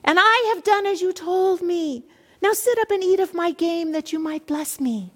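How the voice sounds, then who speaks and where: A woman's voice: very high-pitched, moderate pace, a bit bright, pitched above the performer's own voice. A woman doing a nervous, stammering young son. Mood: deceiving. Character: anxious young man, a younger twin son. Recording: echoey hall reverb.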